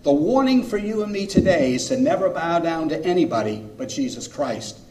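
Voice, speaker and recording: A man preaching a sermon as a pastor, earnest, pausing phrase by phrase and swinging between loud and soft. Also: on the high side, expressive. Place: church sanctuary. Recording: echoey room, mic far off.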